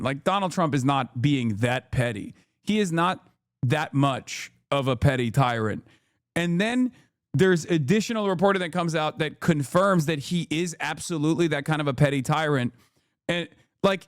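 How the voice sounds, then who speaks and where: Male streamer host, high voice, incredulous, swears freely, close dry sound. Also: dry recording. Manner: incredulous, profane, fast riffing. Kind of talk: live-stream reaction commentary.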